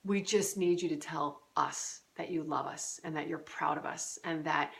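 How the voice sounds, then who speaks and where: Middle-aged woman, parenting coach, lowish voice, earnest conversational advice with plenty of ums. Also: steady tone, normal speed, gravelly, a bit bright. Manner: earnest, conversational, many fillers and restarts. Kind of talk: direct-to-camera advice talk.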